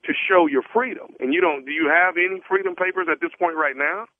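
A man making a prank phone call, posing as a salesman with an earnest pitch full of stumbles and restarts. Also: a little fast, no echo. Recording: tinny phone line.

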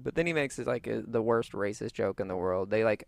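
Smooth-voiced laid-back young man. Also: lowish voice, fast talker, dry recording, studio quality. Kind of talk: casual chat reviewing a movie.

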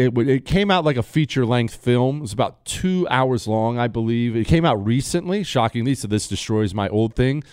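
A man's voice: mid-range voice, darkish tone, clean tone, dry recording, studio quality. A young adult man hosting a radio show, bantering and joking in casual talk. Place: radio studio. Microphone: studio mic.

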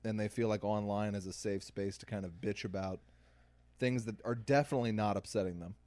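A man's voice: lowish voice, fairly even intonation, a little fast, darkish tone, no echo. A man co-hosting a podcast, telling stories in an exasperated, casual way. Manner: storytelling, exasperated. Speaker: podcast co-host. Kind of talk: casual chat.

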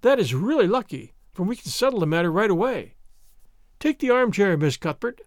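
Bustling, chatty storybook hostess voiced by a man, high and lively, close and dry. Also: dry recording. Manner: brisk, fussy, talks over everyone. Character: bustling, chatty middle-aged woman hostess. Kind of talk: audiobook character reading.

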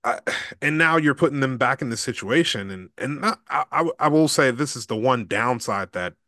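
A man's voice: medium pitch, animated, moderate pace, sharp tone, dry recording. A man filling in as host of a sports podcast, chatting casually and talkatively with frequent restarts, on a studio podcast mic. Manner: talkative, with many restarts and laughs.

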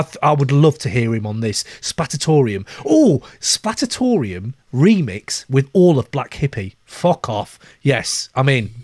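A man hosting a podcast, chatting excitedly about an album. He laughs often and swears casually. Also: fairly high pitch, no echo, studio quality. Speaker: podcast host. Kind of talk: casual album-review chat.

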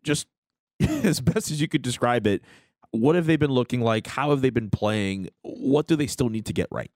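A man's voice: mid-range voice, moderate pace, no echo. Upbeat radio sports host guy, voice jumps around a lot, dry studio sound. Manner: lively, laughs easily, upbeat. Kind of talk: casual sports radio chat. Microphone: studio mic.

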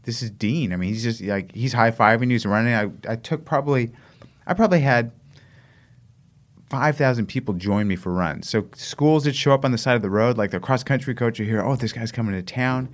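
Animated American man telling stories. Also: mid-range voice, brisk. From United States. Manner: animated, laughing, acts out voices in stories. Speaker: guest, long-distance runner. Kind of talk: casual storytelling in an interview.

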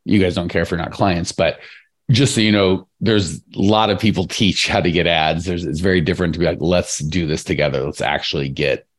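Deep-voiced energetic male podcast host. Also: a little fast. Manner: energetic, rambling, addresses listeners directly. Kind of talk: casual podcast chat.

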